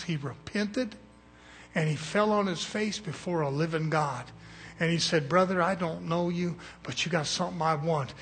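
A man's voice: a little high, slight background noise. A man preaching a sermon in a folksy, blunt way, calling for amens from the congregation.

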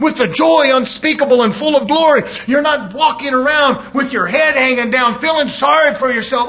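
Fiery preacher guy, real high voice, bright and piercing, shouts a lot. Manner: shouting, preaching with rising intensity, mimicking whiny voices. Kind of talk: fiery sermon.

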